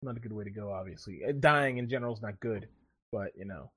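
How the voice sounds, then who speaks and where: Male co-host, jokey rambling storyteller, bright tone, dry close sound. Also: on the low side, fast talker, husky, no echo. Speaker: podcast co-host. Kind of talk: casual chat.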